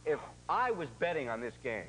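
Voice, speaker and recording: A man hosting a game show, cracking jokes and teasing the contestants in quick comic patter. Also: a little high, sing-song, rough recording. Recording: loud show music underneath.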